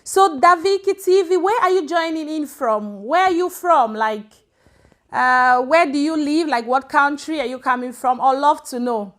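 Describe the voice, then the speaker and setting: Woman from Africa, high voice, friendly livestream host who chats and greets her viewers by name. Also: moderate pace. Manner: chatty, greets viewers by name, switches between English and Swedish. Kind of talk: casual livestream chat. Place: home in Sweden.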